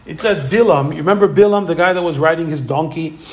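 High-voiced animated male Torah teacher. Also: fast. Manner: animated storyteller acting out quoted voices. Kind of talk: Torah lecture.

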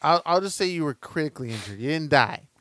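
A man hosting a casual interview, asking probing questions and giving steady agreement. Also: a little high, fast talker, no echo. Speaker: podcast host.

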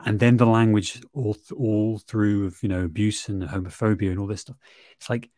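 A man's voice: fairly low pitch, fairly even intonation, normal speed, a little mellow, no room sound, studio quality. Thoughtful man, stammering restarts. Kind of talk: casual film discussion.

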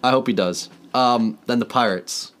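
A man's voice: mid-range voice, moderate pace, a bit bright. A man co-hosting a casual sports podcast, easygoing and steering the talk from topic to topic. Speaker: podcast co-host.

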